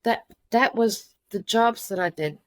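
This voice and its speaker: A middle-aged woman telling a personal story as an interview guest, halting with many restarts. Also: fairly high pitch, no echo.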